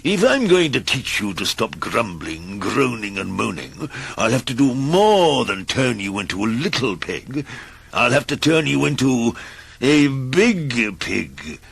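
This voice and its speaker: A stern, lecturing cartoon wizard. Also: male voice, mid-range voice, sing-song, unhurried, creaky, fairly bright tone, slightly rough, exaggerated voice. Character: stern, magical male wizard who punishes bad manners.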